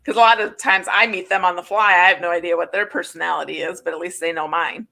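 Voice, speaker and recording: Gravelly, bright-voiced woman host. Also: on the low side, steady tone. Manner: encouraging, quick agreeing replies. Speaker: interview host. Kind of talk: casual interview chat.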